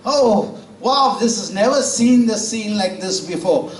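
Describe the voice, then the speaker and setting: A wonder-struck farmer gapes and exclaims out loud, played by a male preacher. The voice jumps much higher than ordinary talk and carries, echoing through a large room from far off. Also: expressive, measured pace. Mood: amazed. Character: amazed male farmer gaping at the sky. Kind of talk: acted storytelling in a sermon. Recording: roomy church audio from far off.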